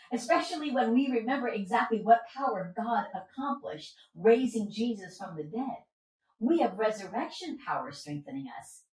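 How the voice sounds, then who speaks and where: A woman's voice: fairly high pitch, lively intonation, moderate pace, a little mellow. A woman teaching a Bible study. She talks with energy and often asks her listeners questions, then answers them herself. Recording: roomy echo, from a distance.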